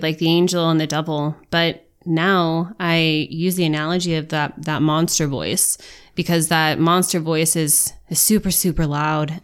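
A woman's voice: fairly low pitch, clean tone. A woman podcast host and coach talking earnestly and encouragingly straight to her listeners. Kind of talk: reflective podcast talk to listeners.

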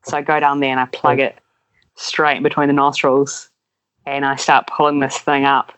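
A man tells a story in a relaxed podcast chat. His voice sits at a middle pitch, and he acts out the voices of the people in his anecdotes. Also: moderate pace, smooth, poor audio. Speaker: podcast guest. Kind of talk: casual storytelling.

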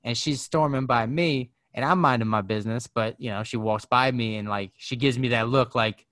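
A man's voice: mid-range voice, moderate pace, few pauses, fairly bright tone, no room sound. A man telling a story in a casual chat, laid-back and profane, full of fillers. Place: living in Arizona.

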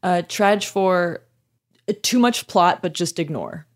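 A woman co-hosting a podcast in casual chat, bubbly and giggly with quick asides. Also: lowish voice, lively intonation. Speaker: podcast co-host.

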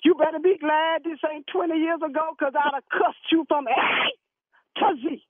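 A woman's voice: high voice, fairly even intonation, moderate pace, background noise, natural voice. A woman playing a sassy secretary, scolding a caller over the phone. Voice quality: preachy, scolding, sharp-tongued. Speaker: church secretary answering the phone. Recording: tinny phone line, dry.

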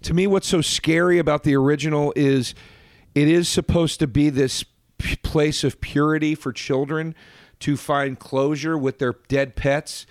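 A man co-hosting a podcast in casual chat, animated, often restarting sentences and jumping up in pitch for emphasis. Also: measured pace, no echo, clean studio sound. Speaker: podcast co-host.

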